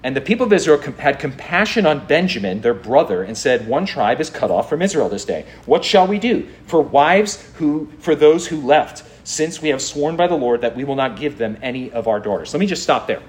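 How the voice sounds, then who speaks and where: A man's voice: a little high, expressive, fairly quick, hardly any pauses. A man pastor preaching a sermon, reading scripture aloud and pressing his point with incredulous rhetorical questions.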